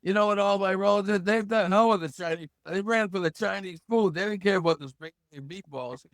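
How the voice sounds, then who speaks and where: A man around seventy from Massachusetts, a podcast guest who tells lively stories and acts out the voices he quotes. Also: sits high, fast, no room sound, clean studio sound. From Hull, Massachusetts. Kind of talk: casual storytelling interview.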